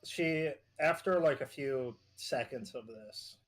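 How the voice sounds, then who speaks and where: A man acting as game master, narrating a tabletop horror game in a halting way with many fillers. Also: mid-range voice.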